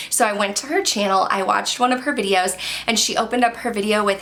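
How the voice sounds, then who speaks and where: A bubbly young woman from Michigan chats to camera with an easy, upbeat warmth. She talks at a middling pitch for a woman and keeps up a friendly, enthusiastic patter. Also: quick pace. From Michigan, USA. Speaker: beauty YouTuber. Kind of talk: casual talking-head chat to camera.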